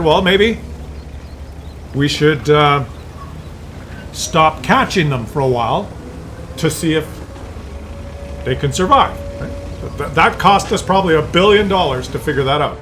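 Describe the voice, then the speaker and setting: A man's voice: on the high side, expressive, moderate pace, long pauses, fairly bright tone, slight background noise, poor audio. A man from Canada rambling and chuckling through a story while commenting on a game replay. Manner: rambling, chuckling, mock voices for others. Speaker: gameplay commentator. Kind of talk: casual storytelling over gameplay.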